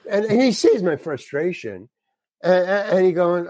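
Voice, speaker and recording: An older man, a guest actor, telling a frank, animated story and acting out the dialogue in it. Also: high-pitched, takes it slowly, pauses often, no echo. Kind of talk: anecdotal storytelling.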